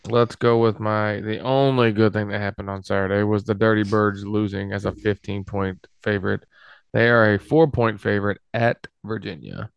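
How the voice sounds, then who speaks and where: A man's voice: on the low side, steady tone, moderate pace, vocal fry, clean tone, no echo, highs cut off. A man hosting a casual sports podcast, running through the picks in a laid-back, wry way. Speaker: podcast host.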